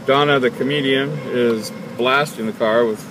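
A man's voice: mid-range voice, steady tone, moderate pace. A man casually narrating as he films his friends, playful and chatty like a tour guide, on a handheld camera mic outdoors and in a car. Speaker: vlogger filming his friends. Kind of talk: casual narration while filming. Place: outdoors and in a car, near the ocean. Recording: loud wind and vehicle noise.

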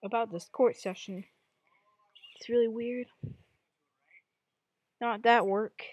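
A woman's voice: on the high side, steady tone, takes it slowly, no room sound. A woman giving casual, rambling reaction commentary on videos, jumping from one topic to the next. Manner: rambling, jumps between topics.

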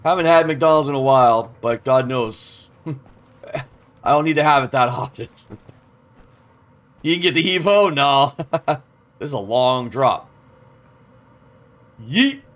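A man's voice: mid-range voice, unhurried, long pauses, a bit bright. A man in his thirties streaming a game, chatting casually with chat and swearing as he plays. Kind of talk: casual gameplay commentary.

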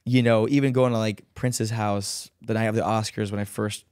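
Animated man telling stories, dry sound. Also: normal speed, no echo. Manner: animated storyteller, acts out quotes in high voices, many fillers. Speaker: podcast guest, professional dancer. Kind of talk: casual chat, storytelling.

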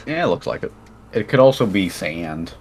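A man's voice: low voice, big pitch swings, normal speed, darkish tone, a little hiss or hum. A young man co-hosting a game stream, chatting casually with dry jokes. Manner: dry, joking. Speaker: co-host watching the stream. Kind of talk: casual chat.

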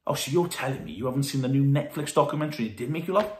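A man doing a booming, blustery old doctor. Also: racing, a little mellow, echoey room, lightly acted. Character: brash older male doctor in a joke.

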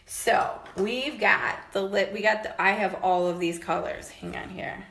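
A woman's voice: medium pitch, unhurried, creaky, fairly bright tone. A woman in her fifties giving a chatty, enthusiastic show-and-tell of her products, with lots of fillers. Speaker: home tour vlogger. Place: inside a home. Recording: echoey room, faint noise.

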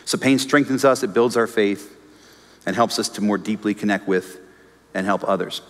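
A man's voice: on the low side, normal speed. A man preaching a sermon as pastor, telling stories with humor and acting out the voices of the people he quotes. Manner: animated storytelling, acts out quoted voices, jokes with congregation. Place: church auditorium. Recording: long reverb of a church hall.

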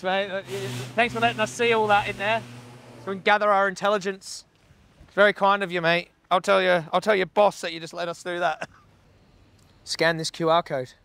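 A man's voice: high-pitched, a bit bright, slight background noise. A man, an animal rights activist confronting people outdoors by a slaughterhouse, blunt and swearing, recorded on a handheld camera. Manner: blunt, heckling, swears a lot.

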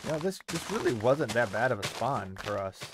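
Easygoing gaming buddy, plain talk, a bit rambling. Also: male voice, mid-range voice, very animated, brisk, noisy background. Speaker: co-op gaming partner. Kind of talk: casual co-op gaming chat.

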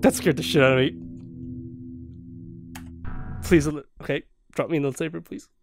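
A man's voice: a little high, steady tone, normal speed, creaky, music in the background. A young man playing a horror game blind, jumpy and swearing, laughing nervously as he talks through the scares. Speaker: let's play host.

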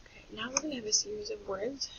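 A woman teaching a recorded phonics lesson to young children, explaining patiently and clearly. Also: medium pitch, fast talker. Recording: dull lo-fi audio with faint hiss.

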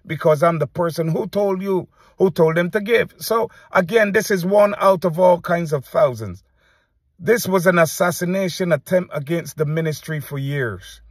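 A man preacher giving an earnest, halting testimony to camera, often restarting his sentences as he recounts visions. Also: fairly high pitch, slightly rough, no echo.

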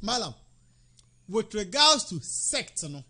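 High-voiced animated man. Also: takes it slowly. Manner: animated and preachy, shouting at times. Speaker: Islamic radio presenter. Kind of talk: religious talk show.

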